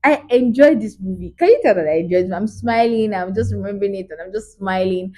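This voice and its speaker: A woman, chatting through a casual movie review vlog in an animated, storytelling way. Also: medium pitch, a little fast, slight background noise.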